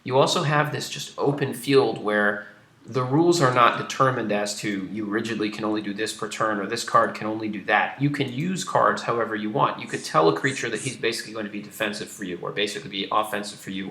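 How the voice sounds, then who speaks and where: A man's voice: on the low side, fast, pushed and bright, reverberant. A man on a live stream, explaining his strategy card game while he plays it and answering viewer questions with many fillers. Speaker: game designer streaming gameplay. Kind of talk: casual live-stream commentary.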